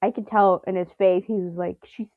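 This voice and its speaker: A woman chatting casually about a TV episode, animated and quick to laugh, slipping into playful imitations. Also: medium pitch, no echo, narrow, tinny audio. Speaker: co-host. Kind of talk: casual chat reacting to a TV episode.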